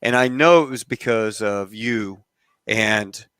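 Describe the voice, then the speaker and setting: A man's voice: fairly low pitch, slow, fairly bright tone, clean tone, dry recording. A man hosting a casual video call chat, laughing often and rambling loosely. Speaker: show host. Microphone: home computer mic on a video call.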